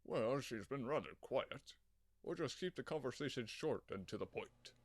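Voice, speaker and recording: A man voicing a steady male warrior hero who speaks in a calm, reassuring way. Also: medium pitch, moderate pace, natural voice.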